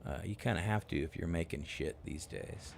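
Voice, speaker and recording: A deep-voiced man with a rough, gravelly edge chats through a gaming live stream. He rambles along in a laid-back way, full of "uh" and "you know", with a faint hiss under his voice. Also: normal speed. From United States. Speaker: game streamer. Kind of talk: casual live-stream chat while gaming.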